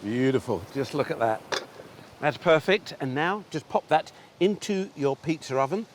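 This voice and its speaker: A man's voice: on the high side, animated, moderate pace, slight background noise. A man hosting an outdoor cooking show, chatting enthusiastically and talking straight to the viewers as he demonstrates. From England. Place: outdoors on a beach.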